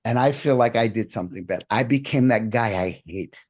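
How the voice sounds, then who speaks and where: A man on an interview show, telling a personal story in a lively way and acting out the other people's lines. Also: medium pitch, a little fast. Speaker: podcast guest, hypnotist.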